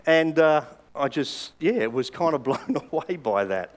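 A man's voice: fairly high pitch, animated, a little slow. An older Australian man preaching a sermon, telling stories in a conversational way with hesitant fillers. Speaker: pastor.

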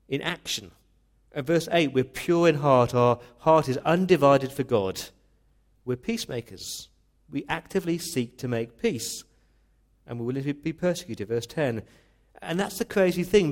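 A man's voice: on the high side, a little mellow. A male pastor preaching a sermon in an earnest, emphatic way, often restarting words.

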